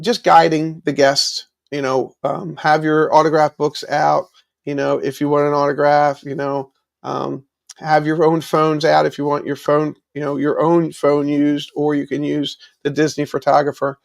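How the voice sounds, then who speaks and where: A man's voice: fairly high pitch, gravelly. A man hosting a live stream, chatting casually with viewers, with many fillers and restarts. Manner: reads and answers viewer chat.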